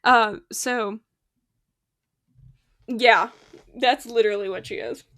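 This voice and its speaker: Bright, high-voiced young woman streamer. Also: takes it slowly, no room sound. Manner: chatty, giggly, lots of fillers. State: sleepy, yawning. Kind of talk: casual chat while livestreaming a game.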